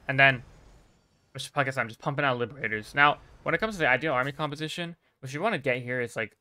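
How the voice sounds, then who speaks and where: A man giving relaxed, chatty commentary over a game replay as a coach, with many fillers. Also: medium pitch, clear, resonant tone. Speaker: StarCraft player and coach.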